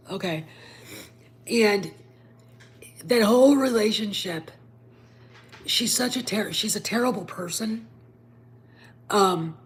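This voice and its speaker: A woman host giving a casual, rambling film review, emphatic and sometimes dropping to a whisper. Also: lowish voice.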